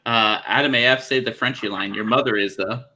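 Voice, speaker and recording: A man's voice: medium pitch, fairly quick, bright, forceful tone. A man hosting a casual livestream chat, joking and teasing his guests. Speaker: show host.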